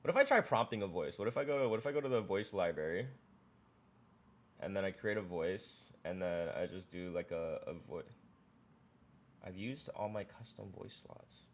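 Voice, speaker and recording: A man streaming live, chatting casually and excitedly, often repeating and restarting his words. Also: low voice, moderate pace, slight background noise.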